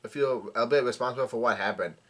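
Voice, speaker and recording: A man's voice: mid-range voice, fast talker, close to an everyday voice. A man reading as a bossy young woman who navigates the ship. Her lines come out stern and scolding, in the reader's near-normal voice.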